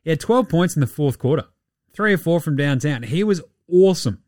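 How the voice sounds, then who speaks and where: A man's voice: a little high, expressive, a little fast, darkish tone, no echo, clean studio sound. A man hosting a casual basketball recap podcast, irreverent and sweary, slipping into mocking voices. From Australia. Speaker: podcast host.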